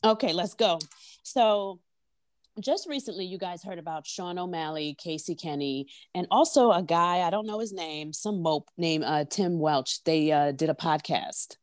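An animated woman in a casual podcast chat, talking in a slangy, lively way and tossing out one rhetorical question after another. Her voice sits a little low, and the sound is close and dry. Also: measured pace, no echo. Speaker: podcast co-host. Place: at her workplace.

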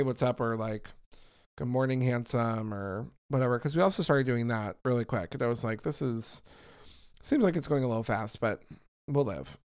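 A man hosting a podcast alone, chatting casually in a sassy, animated way and sounding tired. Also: mid-range voice, smooth. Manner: sassy, animated storytelling with swearing. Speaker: podcast host. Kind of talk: casual solo chat.

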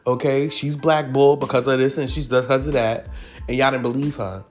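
A man giving casual celebrity gossip commentary, animated and profane, leaping up in pitch for emphasis. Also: fairly quick, faint music behind. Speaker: commentary vlogger.

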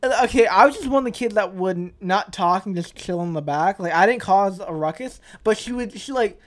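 An animated young man chatting casually with a friend, telling school stories in a rush of restarts and the odd swear word. He talks loosely and keeps circling back to his point. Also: high-pitched, brisk. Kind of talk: casual chat.

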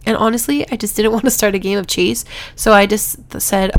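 A woman's voice: medium pitch, fairly even intonation, brisk. A young woman telling a personal story to her viewers in a casual, rambling way, laughing between words, with a congested, stuffy voice. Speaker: vlogger.

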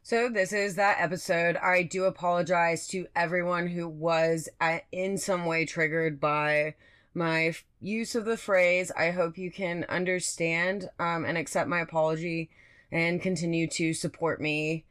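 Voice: medium pitch, flat delivery, unhurried, fairly bright tone, clean tone, no echo, studio quality. A podcast host in an impassioned, rambling solo monologue, swearing often and restarting sentences.

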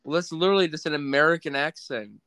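A man's voice: a little high, fast talker, pushed and bright, smooth, dry recording. A man who acts on stage, chatting casually and teasing bluntly with a dry tone. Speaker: stage actor and podcast guest. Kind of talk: casual chat.

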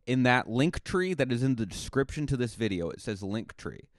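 A male comedian talks loosely into the mic at a middle pitch, circling back and restarting his sentences. The sound is dry and close, with no room around it. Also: sing-song, moderate pace, no room sound. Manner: chatty and rambling, with many restarts and fillers. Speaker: stand-up comedian and podcast host. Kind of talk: casual podcast monologue.

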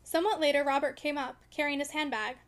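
A woman's voice: sits high, fairly even intonation, fast talker. A woman narrating a classic novel as an audiobook reader, reading expressively.

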